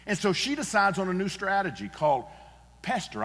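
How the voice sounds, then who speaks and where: A man preaching in a church sanctuary, earnest and emphatic, driving his points home through repetition. His voice sits a touch high for a man and rings with the long reverb of a large hall. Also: sing-song, normal speed, fairly bright tone. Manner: earnest, emphatic, repeats key phrases. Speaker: pastor. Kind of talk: sermon.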